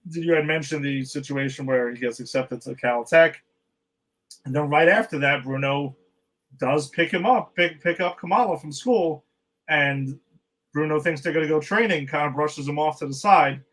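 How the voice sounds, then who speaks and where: A man with a slightly high voice talks through the latest TV episodes with his co-host. He rambles, restarts his sentences and retells scenes by quoting the characters. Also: normal speed, a bit bright, rough recording. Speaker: podcast co-host. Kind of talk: casual chat recapping TV episodes.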